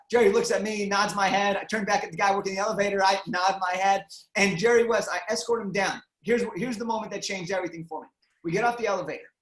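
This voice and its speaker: A young man tells a story at a quick clip and brings energy to every line. He acts out the quotes as he goes. His voice comes through a video call from an echoey room. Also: sits high, a bit bright. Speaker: guest speaker. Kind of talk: storytelling interview answer.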